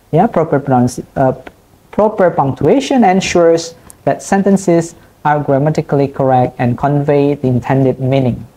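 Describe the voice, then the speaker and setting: A woman lecturer with an Indonesian accent, explaining punctuation in a recorded online class and repeating each example slowly. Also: sits low, warm tone.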